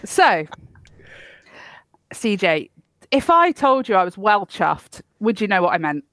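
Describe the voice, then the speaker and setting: A woman's voice: mid-range voice, sing-song, a little slow, fairly bright tone, no echo. A woman from Britain co-hosting a podcast, chatting in a playful, teasing, encouraging way. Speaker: podcast co-host. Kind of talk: casual podcast chat.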